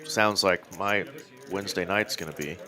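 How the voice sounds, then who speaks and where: Brief: lowish male co-commentator, dry wisecracks. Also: moderate pace, sharp tone, soft background music. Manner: wisecracking, laughing. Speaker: poker co-commentator. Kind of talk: live poker commentary.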